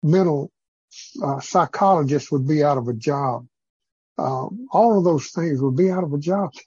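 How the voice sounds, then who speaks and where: A man's voice: on the high side, lively intonation, normal speed, warm tone, slightly rough, no echo, dull audio. A man leading an informal church group, teaching in a rambling, preacherly way with many fillers. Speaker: group leader.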